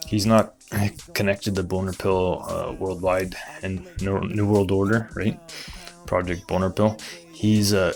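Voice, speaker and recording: A man presenting memes in a comedic, rambling conspiracy monologue, deadpan and full of asides. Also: low voice, measured pace, creaky, faint music behind.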